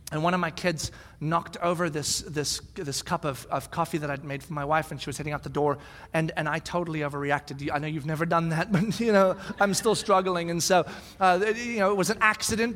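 High-voiced man preaching in an echoing hall. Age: 40s. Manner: animated storytelling, acts out shouted quotes. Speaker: pastor. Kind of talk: sermon. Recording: long hall reverb.

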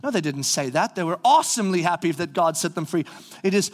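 High-voiced, animated male preacher. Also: quick pace. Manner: animated, acts out voices of the people, rising to shouts. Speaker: pastor. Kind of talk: sermon.

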